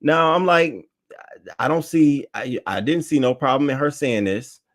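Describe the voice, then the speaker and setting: A man giving casual, slangy news commentary to his chat, animated and reading tweets aloud. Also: medium pitch, a little slow. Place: home setup, talking to chat.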